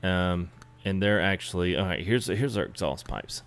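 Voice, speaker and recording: A man's voice: low voice, normal speed, vocal fry, fairly bright tone, clear, resonant tone. A man chatting casually with live viewers while customizing a truck in a game, greeting them by name. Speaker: streamer. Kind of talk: live gameplay stream chat.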